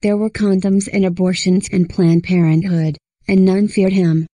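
Female narrator for horror fiction: low-pitched, dry close sound, steady delivery. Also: normal speed, no echo, poor audio. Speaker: story narrator. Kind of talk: scripted horror story narration.

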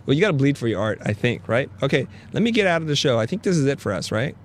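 A man's voice: mid-range voice, big pitch swings, fast talker. Brief: male host of a casual live stream, mid-range voice, breezy and playful, slight noise underneath. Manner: upbeat and joking, teasing his guests. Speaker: host of a design critique show.

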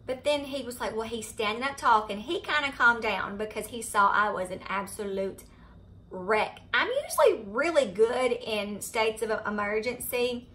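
A middle-aged woman with a Southern US accent telling a story to her viewers in a chatty, animated way. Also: on the high side, unhurried. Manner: chatty, animated retelling of a scary event. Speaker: vlogger. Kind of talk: casual storytelling to camera. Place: home, indoors.

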